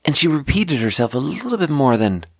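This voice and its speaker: A man's voice: a little high, brisk, no echo, clean studio sound. A man hosting a podcast, telling a story in a rambling, casual way full of fillers and restarts. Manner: rambling, filler-heavy, animated retelling. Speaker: podcast host.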